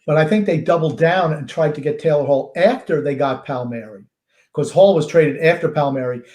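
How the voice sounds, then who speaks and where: A man's voice: a little high, brisk, darkish tone. An older man co-hosting a podcast in casual chat, stressing words emphatically and drawing some out. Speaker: podcast co-host. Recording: roomy echo.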